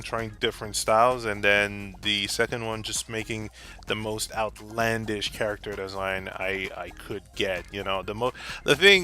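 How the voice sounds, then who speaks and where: A man's voice: fairly low pitch, bright, forceful tone. A man in casual commentary about his fan character redesigns, candid and profane, laughing now and then.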